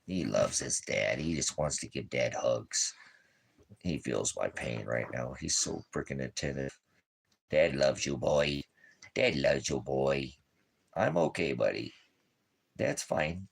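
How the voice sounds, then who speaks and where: Deep gravelly guy preaching off the cuff, rambly and jokey, husky voice. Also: lively intonation, slow. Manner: meandering, jokey, talks to his dog between points. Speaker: preacher of a small ministry. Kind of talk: rambling off-the-cuff livestream talk.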